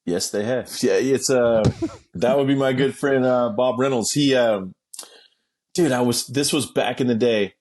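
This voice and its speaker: Husky man telling a rowdy story. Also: measured pace. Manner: animated, acts out quotes with sudden pitch jumps; swears freely, laughs mid-story. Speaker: interview guest. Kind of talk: casual storytelling.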